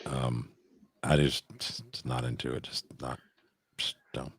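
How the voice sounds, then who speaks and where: A man's voice: very deep voice, level tone, slow pace, creaky. A man chatting casually on a live show, joking and wisecracking, often mumbling and trailing off. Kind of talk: casual chat.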